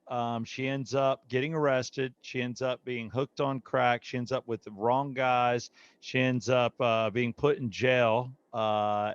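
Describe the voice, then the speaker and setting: A man's voice: mid-range voice, clear, resonant tone, dry recording, dull audio. A man, a radio host, joking and boasting in casual studio chat.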